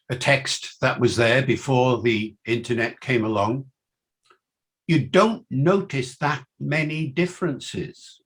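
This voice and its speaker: An older man with a mixed Welsh and Liverpool accent, giving a university lecture with enthusiastic, swinging emphasis. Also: husky. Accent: Welsh and Liverpool mix. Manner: enthusiastic, lively pitch swings.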